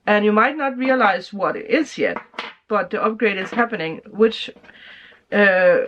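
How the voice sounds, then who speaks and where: A woman chats her way through a casual tarot reading, laughing often and acting out the reactions she describes. Her voice sits at a middle pitch, and the recording sounds a little dull and lo-fi. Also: fairly bright tone. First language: Danish. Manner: chatty, laughs often, acts out quoted reactions. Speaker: tarot reader.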